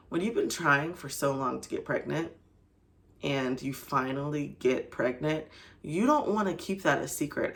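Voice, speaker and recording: A young faith vlogger with a very deep, gravelly voice tells a personal story to camera. She keeps it casual and chatty, full of "like" and "you know."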